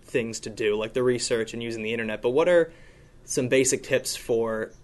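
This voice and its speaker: A man's voice: mid-range voice, normal speed. A male host asking a question hesitantly, restarting as he goes. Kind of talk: interview question.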